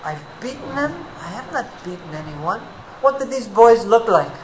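A man's voice: sits high, very animated, normal speed, noisy background, pitched above the performer's own voice. A man voicing a devout brahmin husband who questions in disbelief in a retold devotional story. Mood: incredulous. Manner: questioning, incredulous.

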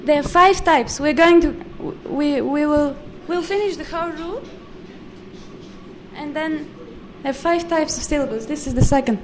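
A woman teaching a live class on pronunciation, patiently correcting and repeating words slowly and precisely. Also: sits high, slight background noise.

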